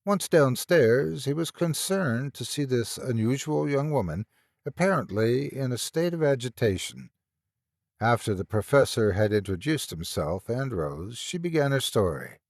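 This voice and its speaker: Expressive male story narrator. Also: medium pitch, unhurried, vocal fry, no room sound, clean studio sound.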